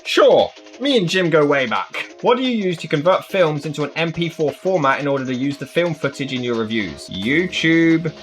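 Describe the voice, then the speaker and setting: A man's voice: fairly high pitch, fairly bright tone. A man answering fan questions in a blunt, sweary, comic way. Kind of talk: casual comedic Q&A.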